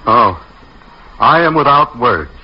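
An actor playing a wisecracking, harried young husband who trades wry, quick jokes in 1940s radio comedy. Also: male voice, mid-range voice, sing-song. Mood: scheming. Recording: old radio broadcast recording, dull with faint hiss.

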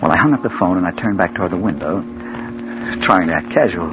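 An actor playing a hard-boiled crime reporter who narrates and pleads urgently in a 1940s radio drama. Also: male voice, sits low, expressive, fast, music in the background. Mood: brooding. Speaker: narrator and lead. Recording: muffled old radio recording with clear hiss.

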